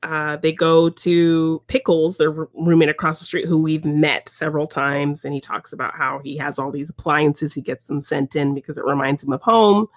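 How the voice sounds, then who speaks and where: A woman's voice: low-pitched, steady tone, normal speed, hardly any pauses, no echo. Chatty woman, dry close sound. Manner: laughs often, chatty, many fillers. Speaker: podcast co-host. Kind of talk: casual chat recapping a film.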